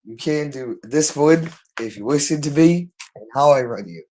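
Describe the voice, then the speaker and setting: A man's voice: on the high side, expressive, moderate pace, darkish tone, low-quality recording. A man talking alone on a livestream, repeating himself insistently. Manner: repetitive and insistent. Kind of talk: unscripted livestream monologue.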